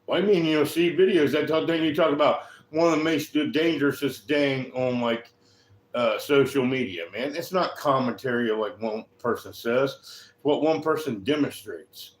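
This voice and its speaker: A man talking casually to the camera in a rambling, profane way, tagging most remarks with a quick "right?". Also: mid-range voice, roomy sound. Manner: profane, keeps asking "right?". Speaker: vlogger.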